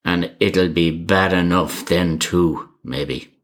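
A man voicing a grim old male Irish car driver who speaks with a thick brogue and warns gravely. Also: low voice, slow. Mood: earnest warning.

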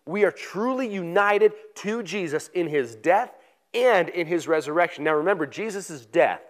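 A pastor giving a conversational sermon, reading scripture aloud with emphasis. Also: male voice, high-pitched, animated, moderate pace.

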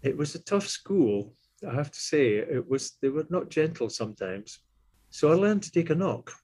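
Husky man in his sixties. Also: a little high, normal speed. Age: 60s. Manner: animated, acts out quoted voices, chuckles often. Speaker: interview guest, tuba player and teacher. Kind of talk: relaxed anecdotal storytelling.

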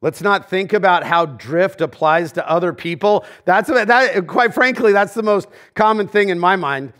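A middle-aged male pastor preaching from the pulpit, his voice sitting a little higher than most men's. He keeps it conversational, telling stories and asides. He often sinks to a quiet near-whisper to land a point. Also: expressive, moderate pace. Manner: conversational preaching, drops to a near hush on key lines. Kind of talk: sermon. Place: church sanctuary.

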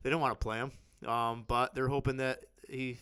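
A man's voice: mid-range voice, flat delivery, normal speed, fairly bright tone, clean tone, no echo, studio quality. A man in his thirties co-hosting a casual sports podcast, joking and rambling as he teases his friend. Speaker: podcast co-host.

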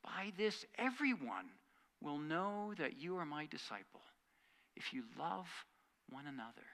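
A man delivering an earnest sermon from the pulpit. His voice sits a little high, with a bright, forceful edge. He pushes key lines out loudly, then drops to soft, quiet asides. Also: sing-song, measured pace. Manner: earnest preaching that swings from loud emphasis to quiet asides. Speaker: pastor.

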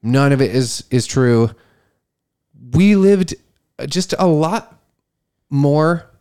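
A man co-hosting a faith podcast, talking casually and haltingly, restarting often and rising when he makes a point. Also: medium pitch, darkish tone, clear, resonant tone. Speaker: podcast co-host.

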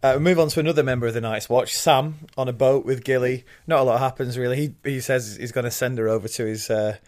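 A man on a podcast recapping TV scenes in casual chat, excited and quick to laugh. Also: mid-range voice. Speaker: podcast co-host. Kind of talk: casual chat reviewing a TV episode.

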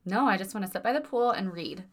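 A woman's voice: mid-range voice, animated, fast, fairly bright tone. A woman who is an elementary school principal, co-hosting a podcast: a scripted intro, then casual chat in which she laughs easily and pokes fun at herself.

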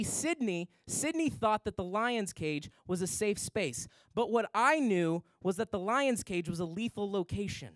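This young pastor's high-pitched voice comes across dry as he preaches in a big church's worship center. He is an animated storyteller, weaving tales into his sermon and performing each character's voice.

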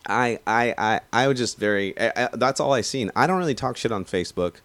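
A man in his thirties ranting casually about sports and age, profane and rambling, getting animated when riled. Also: mid-range voice, a little fast, no echo. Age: 30s. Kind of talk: casual rant.

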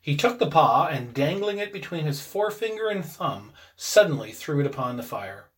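A man reading a classic ghost story aloud with expressive, varied delivery. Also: fairly high pitch, moderate pace. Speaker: reader.

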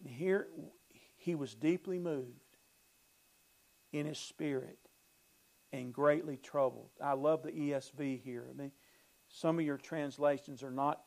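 A man's voice: a little high, darkish tone, rough recording. A male pastor preaching a sermon, emphatic, repeating phrases and building emphasis.

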